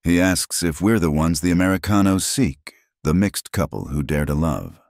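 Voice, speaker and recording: Man doing calm Navajo warrior, measured, very deep, lively pitch. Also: vocal fry, no room sound, studio quality. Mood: translating.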